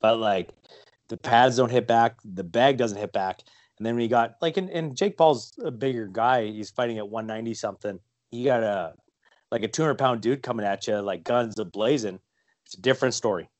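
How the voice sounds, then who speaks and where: A man's voice: medium pitch, moderate pace, no room sound. A man chatting casually on a podcast, rambling with lots of fillers and restarts. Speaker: guest, fighter and wrestler.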